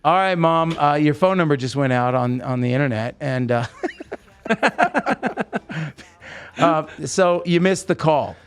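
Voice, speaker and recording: A man hosting a podcast, telling stories in a rambling, animated way with lots of restarts. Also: on the high side, a little slow, pauses often, clean tone. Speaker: podcast host. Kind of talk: casual chat, storytelling.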